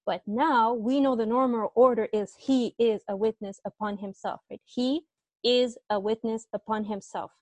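A woman's voice: on the high side, steady tone, normal speed, darkish tone, dry recording. Woman teaching an online Arabic grammar class. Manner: patient, explains step by step, asks students questions. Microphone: earbuds.

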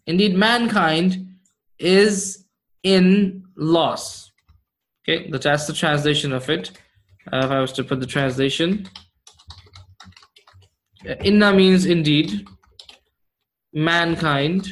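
High-voiced man teaching slowly. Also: fairly bright tone. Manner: repeats key points and checks understanding with "right?" and "okay?". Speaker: Arabic grammar teacher. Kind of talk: classroom lesson explaining Quranic grammar.

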